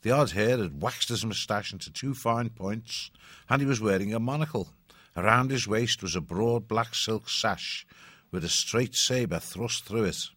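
A male audiobook narrator reading a story at a measured, even pace. His voice sits low. The recording is dry and close, with no room sound. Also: no echo.

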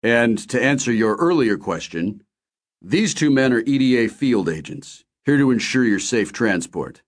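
A man doing a calm, soothing middle-aged man. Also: medium pitch, unhurried, natural voice. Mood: matter-of-fact. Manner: soothing, patient.

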